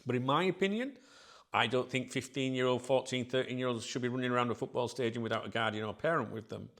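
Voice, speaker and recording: A man with a gravelly, fry-edged voice talks casually to his viewers as the channel's host. He rambles, filling gaps with ums and starting sentences over, and his pitch sits in an ordinary middle range. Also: fast, fairly bright tone. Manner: rambling, many fillers and restarts.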